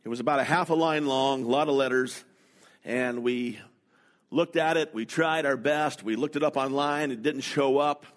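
A middle-aged man from North America preaching a sermon, telling personal stories slowly and deliberately. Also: medium pitch. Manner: slow, deliberate, anecdotal delivery. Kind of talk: sermon storytelling.

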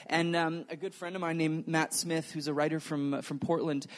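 A man preaches from a church stage, earnest and animated. His voice sits a little high for a man, and he tells stories in the flow of a sermon, acting out the quotes as he goes. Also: moderate pace. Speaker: pastor.

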